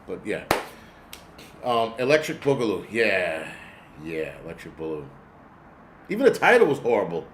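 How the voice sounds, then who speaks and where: A man's voice: on the low side, big pitch swings, moderate pace, pauses often, a little hiss or hum. A man in his forties hosting a casual livestream, ranting in a rambling, profane way and talking back to his chat. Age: 40s. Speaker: host.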